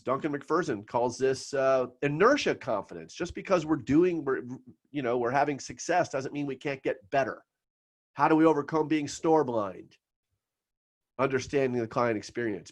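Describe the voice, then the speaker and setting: A middle-aged man from South Florida coaching financial advisors in a seminar talk, telling stories with emphatic pauses. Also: on the high side.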